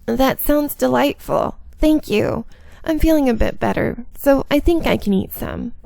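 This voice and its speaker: A woman voicing a frail, high young woman. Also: expressive, unhurried, vocal fry, a little mellow, no echo, full character voice. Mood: gentle. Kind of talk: reading a visual novel aloud.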